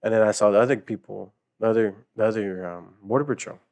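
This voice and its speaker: A young man with a lowish voice chats casually as a podcast guest. He rambles through his stories with lots of fillers and frequent laughs, and the sound is close and dry, with no room echo. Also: fast, gravelly, darkish tone. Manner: rambling storyteller, many fillers, laughing often. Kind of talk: casual chat.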